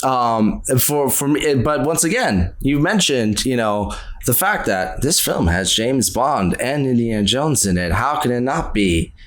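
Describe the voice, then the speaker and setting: A man co-hosting a podcast, talking through his favorite movies in casual chat, earnest and quick to laugh. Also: medium pitch. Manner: earnest, animated, laughs often. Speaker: podcast co-host.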